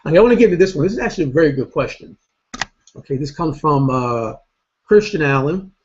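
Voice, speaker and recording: A man's voice: a little high, expressive, fast talker. A man hosting a casual vlog, ranting bluntly and rambling with lots of swearing, a bit tired. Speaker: host. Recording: dull lo-fi recording.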